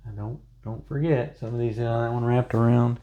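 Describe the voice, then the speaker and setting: A man's voice: medium pitch, steady tone, normal speed, phone-quality sound. A man chatting casually through a painting tutorial, rambling into self-joking asides as he works. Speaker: painting instructor.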